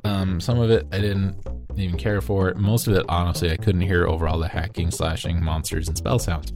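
A man doing a comedic reading of an old game review, reading the punctuation aloud and adding sarcastic, deadpan asides. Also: low-pitched, fairly quick, over music. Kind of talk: comedic dramatic reading with commentary.

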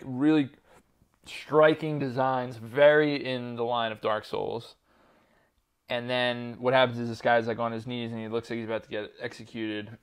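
A man's voice: medium pitch, clean tone. A man co-hosting a casual podcast chat, rambling with lots of fillers, laughter and swearing. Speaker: podcast co-host.

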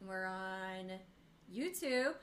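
A young woman co-hosts a podcast and tells everyday stories with animation, acting out what people said. Her voice sits at an ordinary middle pitch. Faint background hiss runs under her. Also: very slow. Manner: animated storyteller, acts out quotes. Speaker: podcast co-host. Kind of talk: casual chat, storytelling.

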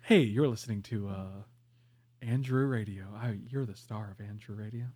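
A creepy late-night male radio host, as a man puts him on with a dropped, hushed voice. He talks slow and low, as if leaning into the mic. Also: breathy edge.

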